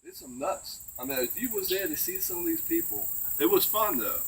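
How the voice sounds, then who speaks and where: A man's voice: high-pitched, huge pitch swings, fairly quick, a little hiss or hum. An older man tells rambling, folksy stories of the old days in a casual chat, often tossing in "right?". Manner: rambling folksy yarn-spinning with tag questions. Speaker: storyteller. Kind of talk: casual outdoor chat, telling old tales. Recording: distant mic, faint crickets.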